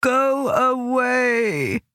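A woman voicing a hungover, grumpy big woman in her thirties in an audiobook, moaning in a drawn-out, peevish way. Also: high voice, animated, a bit bright, no echo, clean studio sound, voice pushed up, exaggerated voice. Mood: groaning.

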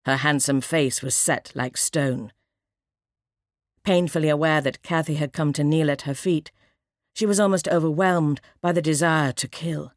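A woman narrating an audiobook in a measured, dramatic reading. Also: sits low, fairly even intonation, no echo, clean studio sound.

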